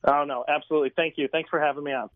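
A man's voice: a little high, steady tone, rapid-fire, noisy background. A man, a chef, answering interview questions in an easygoing way, with lots of fillers. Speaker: chef and podcast guest. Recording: tinny phone line.

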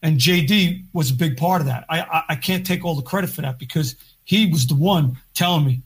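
A man's voice: a little high, a little fast, husky. A man, a podcast guest and record producer, telling stories in a casual, rambling way full of "like" fillers. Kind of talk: casual storytelling.

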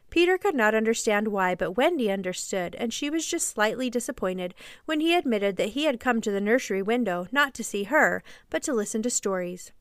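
Clear, expressive woman storyteller. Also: fairly high pitch, dry recording, studio quality. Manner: expressive, measured storybook narration. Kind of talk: reading a classic novel aloud.

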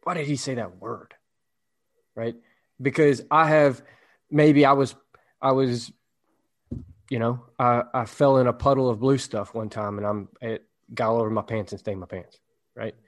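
A man co-hosting a relaxed podcast, rambling and reflective as he works through an idea. His voice sits in an ordinary middle pitch. He sounds easygoing and conversational. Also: moderate pace. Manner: rambling and reflective, explaining ideas with examples. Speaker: podcast co-host. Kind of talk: casual podcast chat.

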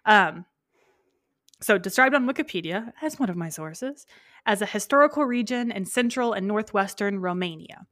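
A young woman in her twenties co-hosts a casual podcast and keeps up a loose, joking chatter. Her voice sits at a middle pitch and sounds dry and close to the mic, with no room around it. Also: animated, a bit bright, dry recording. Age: 20s. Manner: joking, chatty, quick laughs. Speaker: podcast co-host. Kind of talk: casual chat.

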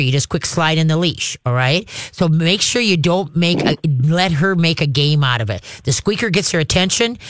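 A man giving casual dog-training advice to a caller, folksy and chatty, often checking in with "all right?" and sometimes slipping into a high coaxing dog-calling voice. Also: fairly bright tone, dry recording, studio quality. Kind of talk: casual radio advice chat.

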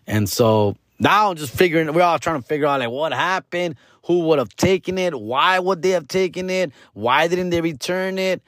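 Brief: male host, higher pitch, dry close sound, excited profane storyteller. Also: normal speed, hardly any pauses, no echo. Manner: profane, slangy, code-switching into Spanish; rambling, excited retelling. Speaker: podcast host. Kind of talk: casual storytelling.

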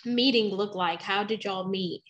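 A woman's voice: mid-range voice, moderate pace, fairly bright tone, slight background noise, rough recording. A woman hosting an interview, affirming and encouraging, speaking in long flowing sentences. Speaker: host. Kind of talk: interview conversation.

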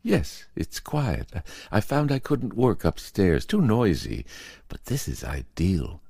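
A man voices a stubborn, ungracious writer who talks curtly and harshly. His very deep voice swings up and down in lively turns. It is recorded close and dry. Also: takes it slowly, creaky, slightly rough, no echo, exaggerated voice. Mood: flustered. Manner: curt and harsh, then flustered and apologetic. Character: irritable reclusive male writer, stubborn, ungracious.

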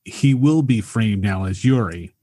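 A man's voice: on the low side, lively intonation, unhurried, dark tone, no room sound, clean studio sound. A man co-hosting a movie podcast in casual chat, easygoing as he steers the talk between segments. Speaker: podcast co-host.

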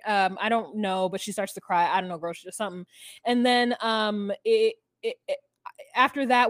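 A woman co-hosting a podcast, recapping a reality show in casual chat, sarcastic and quick, acting out quotes from the show. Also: medium pitch, no echo. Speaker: podcast co-host.

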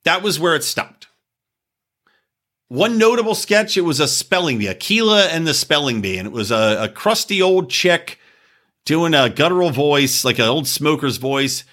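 A man hosts a casual podcast, sounding off in a loose, profane rant that keeps wandering into side stories. His voice is bright and forward, and his pitch swings widely. He sits a little high for a man. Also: normal speed. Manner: animated, profane, digressive. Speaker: podcast host.

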